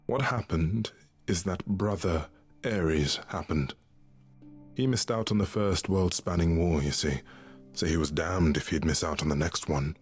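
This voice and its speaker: A husky, grieving young god. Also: male voice, deep voice. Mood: sorrowful. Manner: halting, sorrowful, confiding. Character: grieving male god Eros, weary caretaker son. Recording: game audio with faint music.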